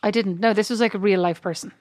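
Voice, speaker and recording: A woman's voice: mid-range voice, fairly even intonation, fast, dry recording, studio quality. Sarcastic woman podcast co-host. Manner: sarcastic and playful. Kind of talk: casual chat with her sister.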